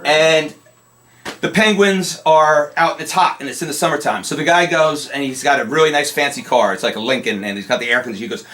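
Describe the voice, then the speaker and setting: A man's voice: medium pitch, fast talker. A man who owns an arcade and hosts a podcast, chatting and telling jokes in a casual, joking way. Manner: joking, laughing, animated. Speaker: arcade owner and podcast host. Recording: roomy hall, distant mic, faint noise.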